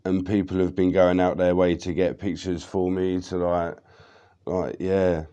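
Low, slow rambling man. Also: completely flat delivery, mellow, clear, resonant tone, muffled recording. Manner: rambling, heavy swearing, many fillers. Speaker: vlogger. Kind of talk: rambling personal monologue.

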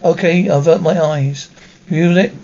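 A man reading a calm female detective. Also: fairly high pitch, moderate pace, vocal fry. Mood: calm coaxing. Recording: muffled lo-fi recording.

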